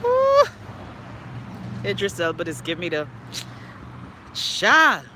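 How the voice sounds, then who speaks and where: A woman hosting a live stream, reading viewer comments aloud and bantering with them in a teasing, animated way. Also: mid-range voice, fairly quick, heavy background noise. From Bahamas. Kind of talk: casual live chat. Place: outdoors in a city street.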